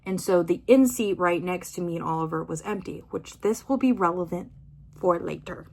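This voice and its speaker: A woman's voice: lowish voice, normal speed, creaky, a little mellow. A young adult woman vlogging in a casual, rambling way with many fillers. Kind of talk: casual chat.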